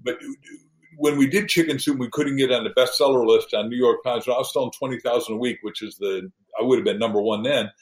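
Male guest author, animated storyteller who acts out quotes, mid-pitched voice. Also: brisk, reverberant, rough recording. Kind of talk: storytelling interview talk.

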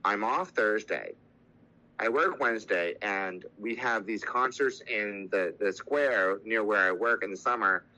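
Young man, lowish bright voice, candid and halting, telling his own recovery story. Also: low-quality recording. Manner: candid, halting, with many fillers and restarts.

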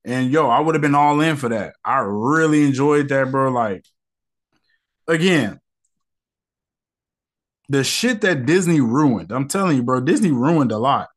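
A man's voice: mid-range voice, animated, unhurried, pauses often. Male podcast host, casual slangy rant, irritated and rambling.

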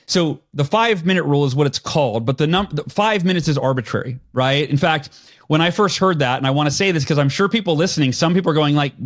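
High-voiced animated male storyteller. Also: fast. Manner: animated storyteller, acts out his own past voice. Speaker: guest. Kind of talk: storytelling in a podcast interview.

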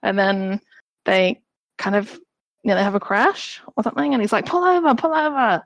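A chatty woman host recapping a movie plot with wry asides, slipping into the characters' lines as she goes. Her voice is mid-pitched and recorded dry and close. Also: moderate pace, gravelly, no room sound, poor audio. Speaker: podcast host reviewing a film. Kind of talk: casual chat.

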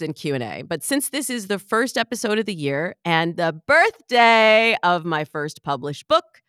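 Bubbly, lively woman podcast host. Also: sits low, no echo, clean studio sound. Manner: bubbly, expressive, playful. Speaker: podcast host and dating coach. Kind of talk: podcast monologue.

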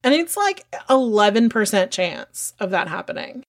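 A woman co-hosting a podcast, telling stories in a lively, frank way and swearing now and then. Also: medium pitch, moderate pace. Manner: animated storytelling with frank swearing. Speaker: podcast co-host. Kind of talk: casual chat.

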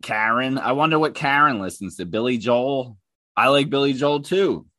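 A man's voice: medium pitch, normal speed, bright, forceful tone, dry recording. A man hosting his own podcast and ranting about online comments, heated, profane and mocking. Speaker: podcast host.

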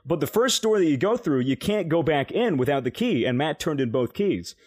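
A man's voice: on the high side, sing-song, a little fast, a little mellow. A young man casually telling a rambling, swear-filled story on a podcast, laughing as he goes. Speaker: podcast co-host.

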